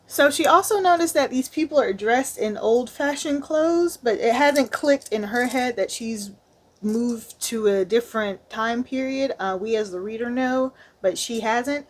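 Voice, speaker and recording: A woman's voice: a little high, unhurried. A woman reviewing a manga, retelling the plot in a casual, slangy style with candid asides.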